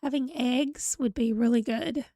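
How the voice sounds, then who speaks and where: A woman's voice: a little high, fairly even intonation, measured pace, mellow, no room sound, clean studio sound. A woman, chatting casually on a livestream, rambling and reading out viewer comments while a bit tired and yawning. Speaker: livestream host.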